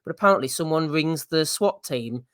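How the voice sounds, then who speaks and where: Giggly podcast host. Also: male voice, fairly high pitch, animated, moderate pace, fairly bright tone, no room sound, studio quality. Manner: giggly, reads out news items. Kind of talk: casual chat.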